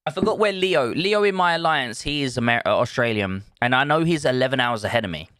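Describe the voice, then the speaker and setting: Smooth-voiced man streaming live. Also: medium pitch, expressive, quick pace, a bit bright, no echo, clean studio sound. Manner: thinks aloud, greets chat viewers. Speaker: livestreamer. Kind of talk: casual live stream chat.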